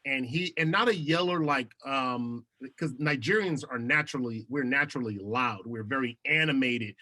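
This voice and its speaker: Bright-voiced animated man telling stories. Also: mid-range voice, normal speed. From United States. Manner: animated, laughs often. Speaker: podcast guest, TV host. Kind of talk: casual interview storytelling.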